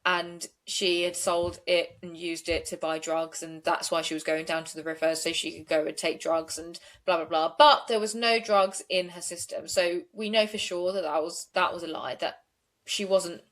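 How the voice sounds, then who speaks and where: A woman's voice: lowish voice, fairly even intonation, moderate pace, a bit bright. A woman, co-hosting a true-crime podcast and retelling court events in a chatty way full of "like". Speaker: podcast co-host.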